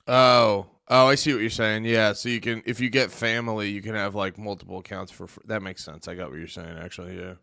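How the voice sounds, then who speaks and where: A man hosts a casual livestream, talking half to his viewers and half to himself. His voice carries a gravelly, creaky texture and sounds close and dry. He mutters irritably and lets curses slip under his breath. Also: on the low side, steady tone, brisk, hardly any pauses, bright, forceful tone, no echo. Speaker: livestream host.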